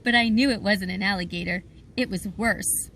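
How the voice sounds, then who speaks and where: A woman's voice: medium pitch, normal speed, a bit bright, a little hiss or hum. Woman reading a children's novel. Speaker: audiobook reader. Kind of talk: scripted first-person narration.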